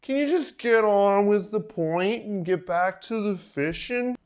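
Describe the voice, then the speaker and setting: A man's voice: high voice, measured pace, a little mellow, smooth, voice pushed up. A man voicing an impatient, whiny viewer who wants him to get to the point. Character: impatient viewer demanding to get back to the fishing.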